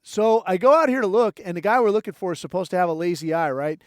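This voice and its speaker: Podcast host, male, high-pitched, wry and foul-mouthed storyteller, dry close sound. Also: animated, quick pace, no room sound. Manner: profane, rambling, wry. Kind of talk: casual storytelling monologue.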